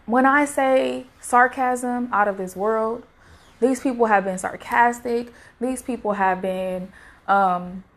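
A woman with a fairly high voice gives a casual devotional talk to her viewers. She speaks earnestly and urges them on the way a preacher would. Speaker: faith vlogger sharing a devotional message.

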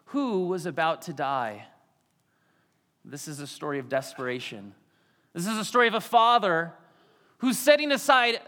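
Pastor, male, high bright voice, animated sermon delivery, long hall reverb. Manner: animated, acts out quotes in varied voices.

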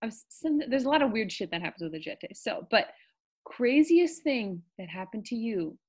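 A woman's voice: a little high, big pitch swings, moderate pace, a little mellow, slightly rough. A woman hosting a casual chat, asking questions in an upbeat way and laughing often.

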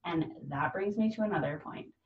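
A woman's voice: fairly low pitch, fairly quick. Earnest mother in an echoey room. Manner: earnest, heartfelt, acts out quoted voices. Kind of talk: casual conversation. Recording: dull, distant, echoey room.

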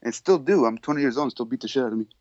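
A man's voice: mid-range voice, rapid-fire, darkish tone, no echo, natural voice. A man voicing a lazy, offhand young caller in his twenties who talks crudely, in a dry, dull recording. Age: 20s. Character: lazy young male caller, 20 years old.

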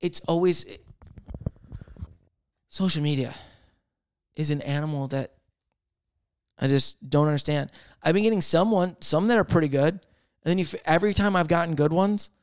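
A man hosting a solo podcast, rambling and thinking out loud in casual chat, swearing freely. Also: on the high side, smooth, no room sound, clean studio sound. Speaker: podcast host.

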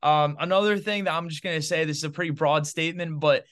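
A man's voice: a little high, fast talker. A man co-hosting a sports podcast, giving opinionated football takes in casual chat full of fillers. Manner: animated, opinionated, heavy on fillers like "bro" and "man". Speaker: podcast co-host.

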